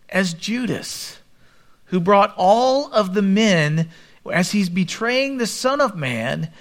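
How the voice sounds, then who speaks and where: A man preaching a sermon, reading scripture aloud and commenting, with a quieter, lower voice for the quoted speakers. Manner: expressive Bible reading with commentary, drops voice for quoted lines. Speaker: pastor.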